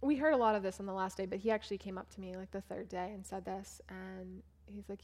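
A young woman talks about her teaching trip in a loose, chatty way. Her speech is peppered with "like" and "um", and she slips into the voices of the people she quotes. Her pitch sits in a middle range for a woman. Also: steady tone, fast talker, hardly any pauses, a little mellow. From United States. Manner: chatty, full of "like" and "um", acts out what others said. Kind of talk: casual storytelling talk over photos.

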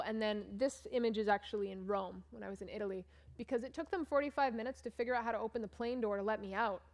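In a slightly mellow, mid-range voice, a young woman from Maine, USA, speaks about a church mission trip while walking through slides at the front of the church. Her casual talk is chatty and self-mocking, and her voice leaps up whenever she hits a funny moment.

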